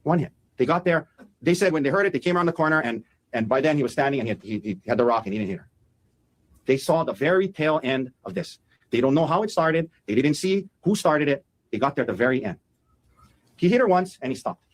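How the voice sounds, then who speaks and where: A man talking quickly in a husky, slightly raised voice. He lays out an opening statement to a jury in an animated way and acts out what people said as he goes. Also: a little high, rough recording. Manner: fast, animated, acts out quotes. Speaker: defense attorney.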